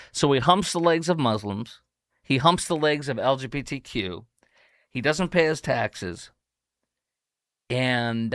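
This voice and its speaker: A man's voice: medium pitch, fairly bright tone, no room sound, studio quality. A man hosting a podcast, giving combative, sarcastic political commentary in a rambling way. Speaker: podcast host.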